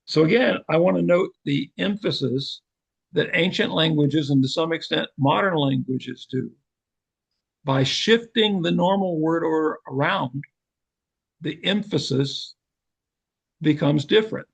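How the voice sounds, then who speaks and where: Older guy teaching a bible class, really slow and careful, kinda gravelly. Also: a little high, low-quality recording. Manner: slow, measured, deliberate explanation. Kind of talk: Bible seminar lecture.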